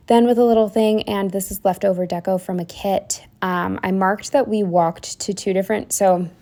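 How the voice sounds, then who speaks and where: A woman's voice: medium pitch, fairly even intonation, moderate pace, warm tone. A woman talking casually as a planner vlogger, walking through her weekly spread in a rambling, chatty way with lots of fillers and trailing-off sentences.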